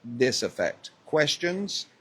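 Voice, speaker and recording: Husky British man coaching with emphasis. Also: mid-range voice, slow. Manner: animated, emphatic speaker who poses rhetorical questions. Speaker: guest communication coach. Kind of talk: conversational interview on a live stream.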